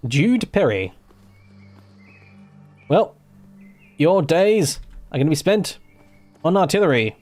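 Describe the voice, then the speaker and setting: With a slightly high, slightly mellow voice, this Australian man streams a game live and offers casual commentary. He wanders from point to point, corrects himself and drops the occasional swear word.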